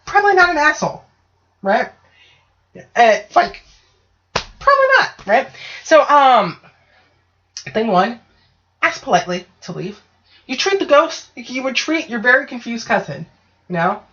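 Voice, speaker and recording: A woman's voice: a little high, sing-song, measured pace, long pauses, a bit bright. Chatty profane woman, muffled audio. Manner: chatty, profane, acts out voices. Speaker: podcast co-host. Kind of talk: casual chat.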